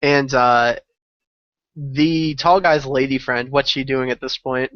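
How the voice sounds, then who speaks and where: A man's voice: medium pitch, steady tone, slow pace, fairly bright tone, no echo. A man playing in a tabletop game, easygoing and drawling, on a dry muffled recording. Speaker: player.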